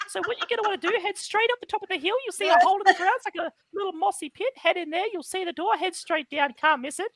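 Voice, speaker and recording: A woman's voice: extremely high pitch, quick pace, hardly any pauses, a bit bright, no room sound, pitched above the performer's own voice. A woman voicing a brash male tree with a broad put-on Australian accent, slangy and blokey. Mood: cheeky. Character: brash Australian bogan tree man, cheeky.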